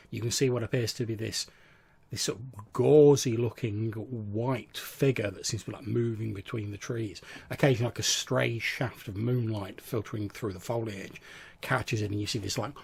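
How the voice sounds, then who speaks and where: Gravelly husky game master. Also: male voice, mid-range voice. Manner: descriptive, hedging with "like" and "sort of". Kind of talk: narrating a tabletop game.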